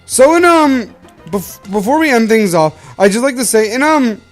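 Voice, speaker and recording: A man's voice: extremely high pitch, expressive, normal speed, soft background music. A young man from Canada giving rambling, self-correcting commentary while hosting a game playthrough. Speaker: let's play host. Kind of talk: casual gameplay commentary.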